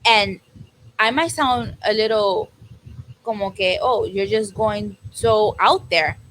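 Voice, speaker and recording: Fields: Sex: woman. Role: podcast co-host. Style: emotional casual chat. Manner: animated, acts out quoted dialogue. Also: medium pitch, takes it slowly, poor audio.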